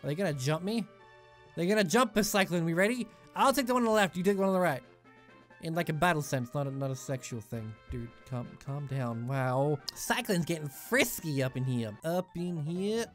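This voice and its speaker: A man's voice: on the high side, lively intonation, moderate pace, faint music behind. A young man giving rambling, jokey commentary while he plays a video game. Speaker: let's play gamer. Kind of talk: casual gameplay commentary.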